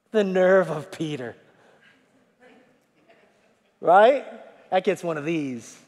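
A male pastor preaching a sermon, folksy, swinging from shouting to hushed tones and calling out to the congregation. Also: sits high. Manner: folksy, repeats calls to the congregation. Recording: long hall reverb.

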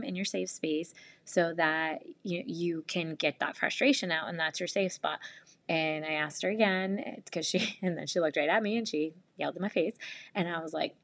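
Woman, 30s, mom vlogger: lowish pitch, close dry sound, chatty storyteller. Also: steady tone, moderate pace, no echo. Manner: chatty storytelling with frequent laughs. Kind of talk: casual chat.

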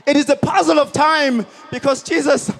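Very high-voiced man preaching emphatically. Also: steady tone, moderate pace, vocal fry. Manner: emphatic, repetitive preaching with shouted peaks. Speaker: pastor. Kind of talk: sermon. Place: outdoor stadium service.

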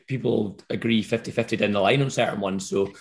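A Scottish man, a rugby referee, answering interview questions in a relaxed, rambling way with frequent restarts. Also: fairly low pitch, fairly quick, gravelly. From Scotland.

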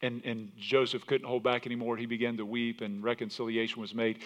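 A man's voice: medium pitch, a little fast. A male pastor preaching a sermon, telling stories animatedly, with frequent restarts. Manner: animated storytelling with repeated restarts.

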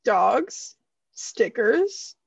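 A young American woman co-hosting a casual chat, playful with deadpan asides. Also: on the high side, very slow, creaky, husky, dry recording. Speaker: podcast co-host. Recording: slightly dull lo-fi mic.

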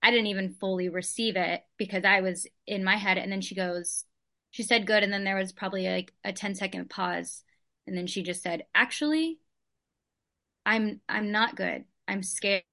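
A woman with a bright, clear voice shares a personal story with her study group. She talks in an earnest, chatty way, often reaching for "like" as she goes. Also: medium pitch, flat delivery, a little fast.

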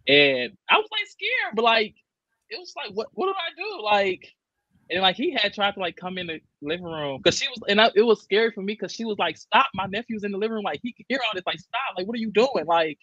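A man's voice: sits high, very animated, fast talker, bright, forceful tone, no room sound, muffled recording. A man on a podcast panel, chatting casually and telling a story in a slangy way, with lots of "like". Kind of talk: casual chat.

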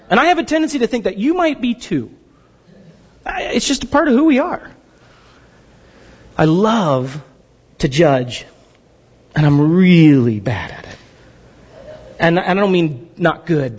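Lively, high-pitched joking pastor. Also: male voice, measured pace, pauses often, husky, in a large hall, muffled recording. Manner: animated and joking, acts out quoted voices. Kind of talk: sermon.

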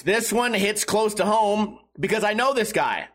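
A man with a fairly high speaking voice rants in a loose, profane comedic monologue. He laughs at his own jokes and breaks off into quick asides. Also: animated, fairly bright tone. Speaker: comedy podcast host.

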